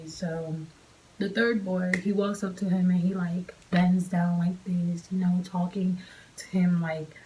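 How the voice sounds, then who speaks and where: A woman telling a personal story casually for a vlog, in an animated, slangy way, her pitch jumping up on quoted lines. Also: slight background noise, low-quality recording.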